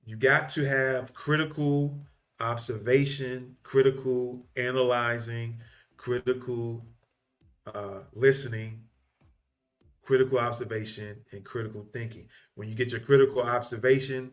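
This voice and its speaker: A man's voice: mid-range voice, steady tone, a little slow. A man hosting a podcast, giving casual live reaction commentary and chatting while he thinks aloud. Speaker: podcast host.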